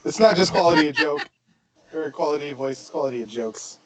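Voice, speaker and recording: A man's voice: fairly high pitch, animated, fast talker, a little mellow. A man co-hosting a comedy podcast, joking in improv banter and slipping into mock accents. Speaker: podcast co-host.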